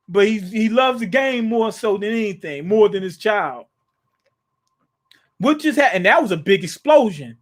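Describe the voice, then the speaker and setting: A man's voice: high-pitched, expressive, moderate pace. A man hosting a live comic reaction, reading scenes aloud and retelling them in casual slang, often restarting and chuckling. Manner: casual, slangy, paraphrases scenes in his own words. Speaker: manga reaction host.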